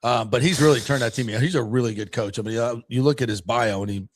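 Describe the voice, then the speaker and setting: A man's voice: medium pitch, fast, slight background noise. A man hosting a sports talk show, chatting casually and rambling with frequent fillers. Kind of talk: casual sports radio chat.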